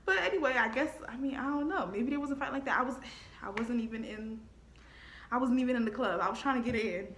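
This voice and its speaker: Bright, animated young woman telling a story. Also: fairly high pitch, quick pace, a little hiss or hum. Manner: animated, laughs often, acts out quotes. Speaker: vlogger. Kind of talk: casual storytime monologue. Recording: echoey room.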